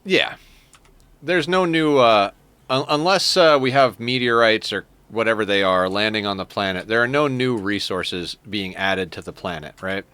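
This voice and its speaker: A man's voice: lowish voice, normal speed, bright, forceful tone, clear, resonant tone, no echo. A man streaming a strategy game, chatting casually, swearing freely and drifting into self-amused stories. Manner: rambling, profane, self-amused storytelling. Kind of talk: casual live-stream gaming commentary.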